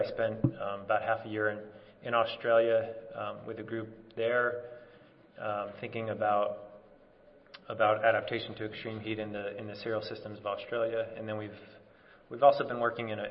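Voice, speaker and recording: A man from California giving an academic conference talk in a relaxed, informal way, with lots of fillers and restarts. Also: on the low side. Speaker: conference speaker. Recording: dull audio with long hall reverb.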